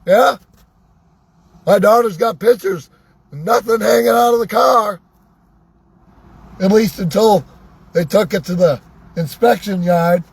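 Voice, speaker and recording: A worked-up man ranting sarcastically in a vlog from inside a vehicle, his voice going hoarse. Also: high voice, slow pace, pauses often, no echo. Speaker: vlogger. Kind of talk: angry ranting monologue.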